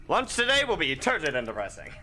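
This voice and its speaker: A man plays a perky young woman on the school radio, reading the announcements in a bright, bouncy broadcast voice. Her pitch sits high and skips around brightly. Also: huge pitch swings, a little fast, exaggerated voice.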